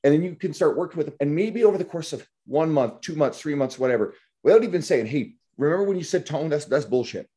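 A man's voice: fairly high pitch, animated, quick pace, few pauses, dark tone. A man hosting a podcast, talking bluntly and animatedly about coaching, swearing freely. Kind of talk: casual podcast conversation.

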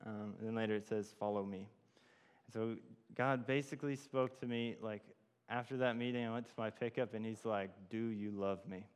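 A man's voice: medium pitch, fairly even intonation, brisk, clear, resonant tone. A man giving an informal sermon, telling a personal story with many fillers and restarts. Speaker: church speaker. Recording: long hall reverb.

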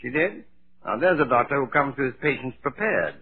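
An actor playing a harried, henpecked husband with dry, wry quips, in 1940s radio comedy style. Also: male voice, mid-range voice, sing-song, fairly quick, heavy background noise. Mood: exasperated. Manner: dry wry quips, mock-dying groans. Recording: tinny old radio broadcast.

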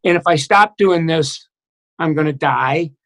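A middle-aged man with a high-pitched voice tells his own story in conversation. He speaks haltingly and reflectively, restarting his sentences and filling pauses often. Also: a bit bright, rough recording. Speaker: guest. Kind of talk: personal recovery story in conversation.

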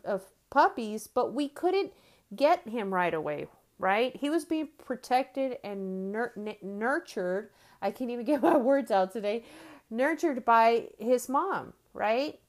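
A woman's voice: on the high side, expressive, unhurried. A woman in her fifties who hosts a podcast, teaching on faith in a chatty style and often asking "right?" as she goes. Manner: conversational, frequent "right?" and restarts. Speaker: podcast host.

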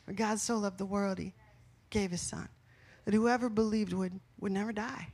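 A middle-aged woman preaching a sermon, asking her listeners questions and swinging from soft, slow lines to loud ones. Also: mid-range voice, steady tone. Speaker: pastor.

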